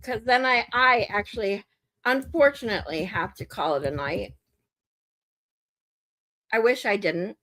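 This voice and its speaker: A woman's voice: medium pitch, measured pace, pauses often, fairly bright tone. A woman hosting a live stream, chatty and often laughing. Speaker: streamer host. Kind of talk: casual live-stream chat.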